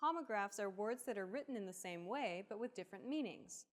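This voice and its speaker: A woman with a mid-range voice reads lesson explanations from a script. Her delivery is even and explanatory, and she walks through each point steadily. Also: mid-range voice, fairly quick. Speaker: lesson narrator.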